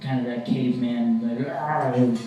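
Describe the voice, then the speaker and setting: A young man doing a stand-up comedy set, telling rambling deadpan stories with mock-angry rants. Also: mid-range voice, normal speed. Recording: very echoey room, distant mic, faint hiss.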